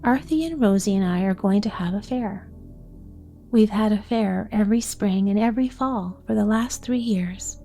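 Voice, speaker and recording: A woman's voice: medium pitch, moderate pace, soft background music, close to an everyday voice. A woman voicing a shy, businesslike young boy in a bedtime story reading. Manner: quiet, matter-of-fact explaining.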